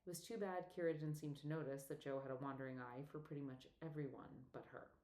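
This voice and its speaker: A woman with a low voice reads an audiobook in an even, measured way. The recording has a roomy echo around her narration. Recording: echoey room.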